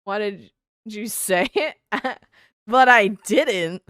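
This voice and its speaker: Into her desk microphone, a gaming live streamer talks casually in a laid-back drawl, her nose stuffy and "bruh" coming up often. The woman's medium-pitched, fairly bright voice is expressive and extremely slow, with no echo.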